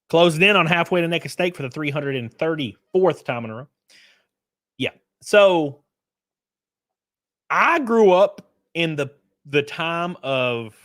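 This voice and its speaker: Animated young man streaming. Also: medium pitch, dry recording, clean studio sound. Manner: loose, profane, rambling, laughing. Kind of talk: casual live-stream commentary.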